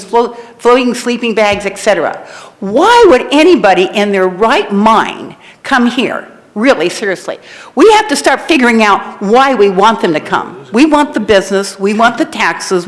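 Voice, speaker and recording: A woman speaking at a city council public comment, impassioned and preachy, rambling a little, at a podium microphone in a council chamber. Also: mid-range voice.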